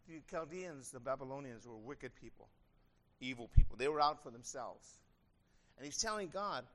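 A man's voice: medium pitch, expressive, moderate pace, a bit bright. A man preaching a sermon as pastor, earnest and conversational, with a slightly strained throat.

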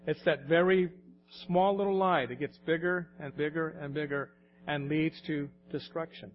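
A man's voice: fairly high pitch, steady tone, normal speed, dull audio, a little hiss or hum. A man in his late forties or older preaching a sermon in a conversational, anecdotal way, often laughing as he talks. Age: late 40s or older. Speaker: pastor.

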